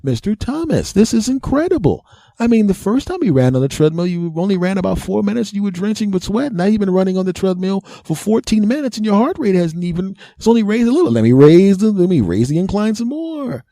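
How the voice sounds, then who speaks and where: A man voicing an excited male doctor who talks in a raised, gushing pitch. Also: a little fast, dry recording, clean studio sound. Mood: astonished.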